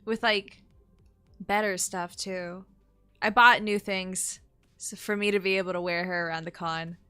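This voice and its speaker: A young woman streaming a game, chatting excitably and swearing freely. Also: fairly low pitch, measured pace, clean tone, soft background music. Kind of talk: casual live-stream chat.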